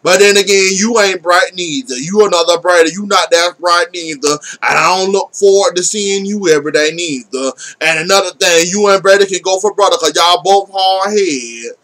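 A man's voice: high voice, moderate pace, hardly any pauses, a bit bright. A man giving a casual, opinionated soap opera recap, sassy and blunt, swearing and talking back to the characters.

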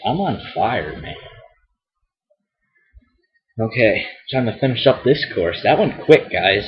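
Young man, low voice, rambling casual gameplay commentary, dull lo-fi mic. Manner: rambling, swears and groans at mistakes. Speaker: let's play host.

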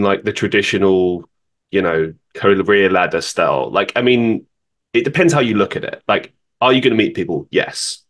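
Low-voiced man rambling on a podcast. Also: a bit bright. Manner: rambling, many "like" fillers. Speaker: podcast host. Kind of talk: casual chat.

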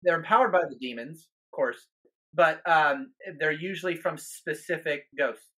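A man's voice: fairly high pitch, moderate pace, fairly bright tone, slightly rough. A man who is a guest minister on a podcast, telling a story in an earnest way, with many restarts and repeated words.

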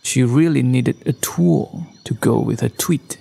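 A man narrating a children's bedtime story in a gentle read-aloud manner, recorded in a studio. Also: mid-range voice, takes it slowly, creaky, hardly any pauses, husky. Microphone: studio microphone.

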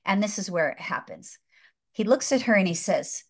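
A woman guest tells a film story with mounting excitement, turning each scene into a spiritual lesson. She talks emphatically, doubles back on her words and punches key phrases. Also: mid-range voice, normal speed, slightly rough. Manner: excited, emphatic, repeats herself. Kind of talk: animated storytelling in a faith talk.

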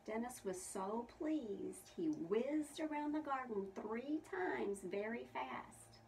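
A woman's voice: on the high side, expressive, slow pace, gravelly, a little mellow. A woman preschool teacher reading a picture book aloud to young children, asking them questions about the pictures. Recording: distant mic with faint room noise.

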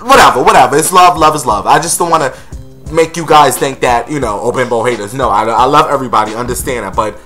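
A man's voice: mid-range voice, fast talker, over music. A man hosting a casual gossip vlog, sassy and blunt, calling his viewers honey and girl.

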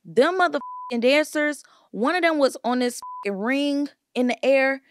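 A woman's voice: high voice, moderate pace, slight background noise. Playful, foul-mouthed woman guest. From Atlanta, USA. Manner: playful, profane, giggly chatter. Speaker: guest rapper. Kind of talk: casual chat.

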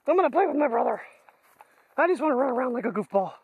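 A man's voice: very high-pitched, lively intonation, fast talker, creaky, husky, no echo, narrow, tinny audio, full character voice. A man voicing his eager young pet dog. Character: playful excited young female dog.

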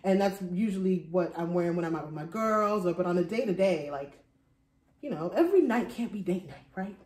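A woman's voice: on the low side, expressive, a little fast, a little mellow. A woman in her thirties chatting casually to camera about her thrift finds, rambling and laughing often. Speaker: vlogger showing a thrift haul. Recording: echoey room.

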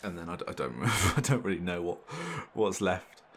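A young man commentating his football management game, excitable and exclaiming when things go his way. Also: sits low, fast talker, husky. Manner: excitable, swearing mildly in exclamations. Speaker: gaming channel host. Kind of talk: gameplay commentary.

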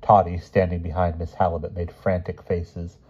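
A man reading a children's novel aloud in a calm, steady narration with small slips. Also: low voice, normal speed, slightly rough, dull audio. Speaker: audiobook reader.

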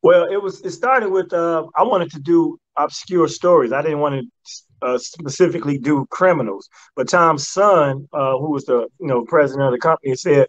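A man telling stories on a talk show in a relaxed, rambling way. His voice sits a little high for a man. The sound is dry and slightly dull. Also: moderate pace, dry recording. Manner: laid-back storyteller who slips into mock voices. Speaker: guest comedian. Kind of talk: casual storytelling on a radio talk show.

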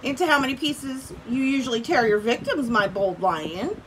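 A woman voicing a hungry male tiger from a storybook, reading him a little higher and louder than her own voice. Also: lively intonation, normal speed, far from the mic, slight background noise, low-quality recording. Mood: wry.

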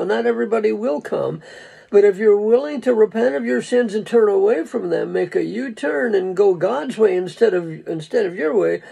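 A man's voice: sits high, dark tone, poor audio. A man preaching a casual, folksy sermon, rambling and chuckling, calling people "dude". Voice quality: gravelly, husky.

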